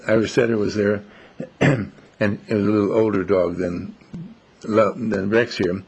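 A man giving a slow, musing, reflective monologue, telling stories as he goes. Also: fairly low pitch, husky. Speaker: speaker.

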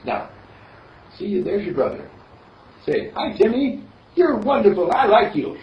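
A man doing a gentle talking candle. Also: sits high, sing-song, a little slow, pitched above the performer's own voice, heavily acted. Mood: coaxing. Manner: gently coaxing. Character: kindly talking candle, gentle male mentor. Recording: distant roomy dull recording.

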